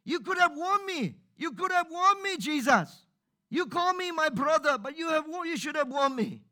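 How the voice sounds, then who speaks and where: A man voicing a frustrated believer who cries out at God, pleading and accusing in a loud, strained voice. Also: animated, moderate pace, full character voice. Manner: pleading, accusing, shouting high.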